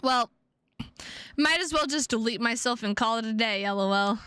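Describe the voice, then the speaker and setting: A young woman streamer reading a visual novel aloud and chatting, animated and swearing freely with plenty of "like" fillers. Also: fairly high pitch, normal speed, slight background noise.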